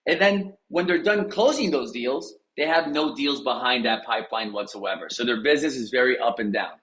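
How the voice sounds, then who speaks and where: A man giving a lively motivational coaching talk to real estate agents, telling stories and speaking straight to the audience. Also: medium pitch, moderate pace. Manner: animated, storytelling, addresses audience directly. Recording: roomy echo.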